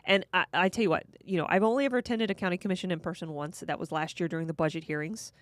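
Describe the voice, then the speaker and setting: A woman's voice: lowish voice, steady tone, rapid-fire, no echo. A woman co-hosting a casual political talk show, explaining a county program in a chatty way with frequent restarts. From Florida. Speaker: podcast co-host.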